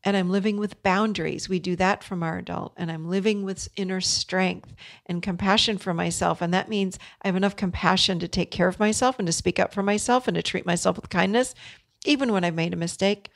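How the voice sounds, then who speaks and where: Woman podcast host, middle-aged, low-pitched and gravelly, earnest coaching delivery. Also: steady tone, fairly quick. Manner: earnest, coaching tone, speaks directly to listeners. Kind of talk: solo podcast talk.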